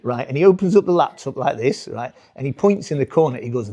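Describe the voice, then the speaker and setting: A man's voice: mid-range voice, animated, a little fast, few pauses, darkish tone. A British man in his forties doing live stand-up, rambling, restarting his sentences and chuckling at his own jokes. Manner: rambling, self-interrupting, chuckling. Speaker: stand-up comedian.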